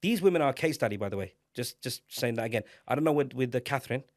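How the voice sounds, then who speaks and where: A man, co-hosting a casual podcast, emphatic and animated, climbing to loud exclamations. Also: mid-range voice, fast, no echo, studio quality. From England. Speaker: podcast co-host.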